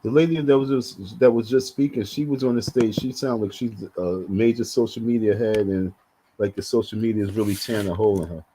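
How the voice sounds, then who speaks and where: A man's voice: lowish voice, steady tone, a little fast, warm tone, slight background noise, rough recording. A man giving heated, blunt live commentary, repeating himself as he reacts. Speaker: livestream commentator.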